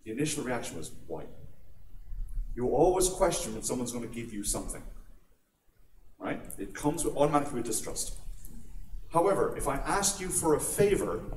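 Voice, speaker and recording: A man's voice: medium pitch, sing-song, brisk, a little mellow. A man with an Irish accent delivers a joking, conversational conference talk. His voice carries through an echoey hall from some distance off, over a faint room hum. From Ireland. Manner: jokey and conversational, with frequent "right?" asides. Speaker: conference speaker. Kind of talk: humorous security talk. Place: large conference atrium.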